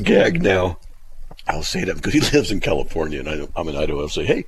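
Gravelly-voiced man, chuckling radio host. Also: low-pitched, big pitch swings, brisk. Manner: storytelling, laughing often, rambling. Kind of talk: casual radio talk.

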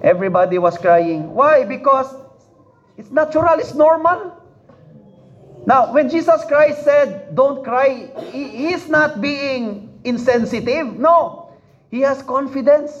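A man's voice: extremely high pitch, animated, takes it slowly. A man preaching a sermon, repeating phrases for emphasis and asking the congregation questions. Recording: dull lo-fi recording.

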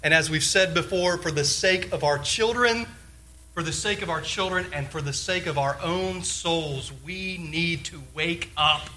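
A man's voice: a little high, unhurried, pushed and bright, a little hiss or hum, poor audio. A male pastor preaching a sermon, firing off rhetorical questions and repeating short phrases for emphasis. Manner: leans on short repeated exhortations.

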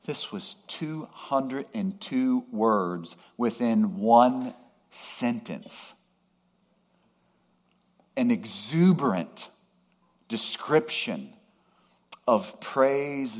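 A man preaching a sermon in a measured way, with emphatic rises on key words. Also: mid-range voice. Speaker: pastor.

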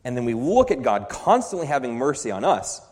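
A man preaching a sermon with passion, dropping low and quiet and then rising to loud, emphatic peaks. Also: sing-song, a little fast, big-room sound.

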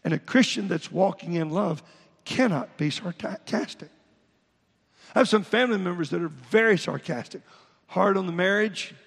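A pastor preaches in a gravelly, husky voice that sits high for a man. He reads scripture aloud and often stops and restarts his sentences. The long reverb of a church hall trails after each phrase. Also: moderate pace. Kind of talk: sermon.

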